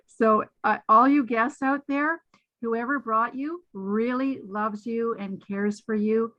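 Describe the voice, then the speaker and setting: A woman from Canada speaking as a guest on a webinar, an excitable, chatty storyteller who acts out the voices of people she quotes. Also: on the high side, measured pace, no echo. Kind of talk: enthusiastic testimonial on a video call. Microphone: video call. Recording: muffled video call audio.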